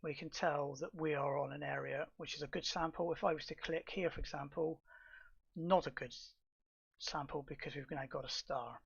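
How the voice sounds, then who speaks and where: A middle-aged man calmly explaining software steps in a tutorial, with fillers and restarts. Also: on the high side, normal speed, gravelly, husky, muffled recording. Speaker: astrophotography tutor. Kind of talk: screen-recorded software tutorial.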